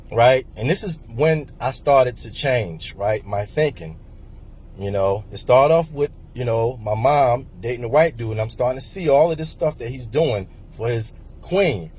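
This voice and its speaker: A man in his forties from New Jersey speaks in a husky, mid-pitched voice. He rambles through a personal story, circling back with lots of fillers and repeats. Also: a little mellow. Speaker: vlogger.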